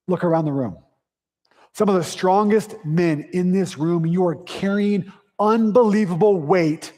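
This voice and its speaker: A man preaching a sermon in a church, in a conversational, punchy style with quick asides and sarcasm. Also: fairly high pitch, a little mellow, long reverb tail. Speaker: pastor. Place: church sanctuary.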